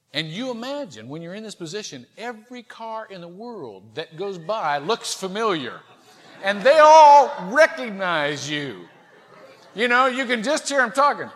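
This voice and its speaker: A middle-aged pastor whose voice swoops high and low as he tells a self-deprecating story from the pulpit. His tone is bright and sharp, and a long reverb hangs in the big sanctuary. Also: a little slow. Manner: animated, self-mocking storytelling. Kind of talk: sermon. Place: large church sanctuary.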